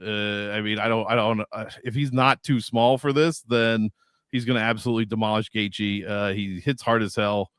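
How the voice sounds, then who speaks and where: A man giving measured, stat-heavy fight analysis on a podcast over an online call, with many filler uhs. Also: fairly low pitch, fairly even intonation, a bit bright, smooth, no room sound, clean studio sound. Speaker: fantasy sports analyst.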